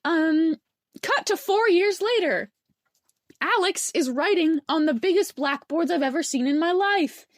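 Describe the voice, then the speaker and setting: A woman's voice: very high-pitched, lively intonation, no room sound, studio quality. A woman co-hosting a podcast, casually recapping a film in a rambling way and acting out characters' lines. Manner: rambling, acts out lines in quick voices. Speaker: podcast co-host.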